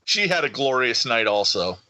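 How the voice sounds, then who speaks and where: A man co-hosting a casual podcast chat, telling an excited story and acting out the voices of people around him. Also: mid-range voice, moderate pace, poor audio. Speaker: podcast co-host.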